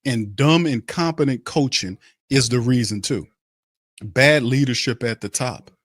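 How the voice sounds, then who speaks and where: A man's voice: medium pitch, a little slow, no room sound, clean studio sound. A man hosting a sports podcast, ranting angrily about his team and mocking its players. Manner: angry, mocking, repetitive ranting. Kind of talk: heated sports rant.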